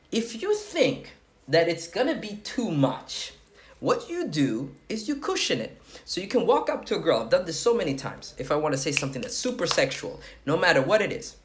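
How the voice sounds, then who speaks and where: Blunt, animated man giving dating advice. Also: a little high. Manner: blunt, crude, animated, keeps checking in with "okay?". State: sweating. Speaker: dating coach. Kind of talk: casual talking-head advice.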